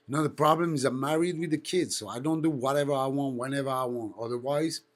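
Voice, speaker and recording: A man in his thirties with a French accent, hosting a casual live stream and telling stories with lots of swearing and engine-noise imitations. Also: medium pitch. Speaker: host.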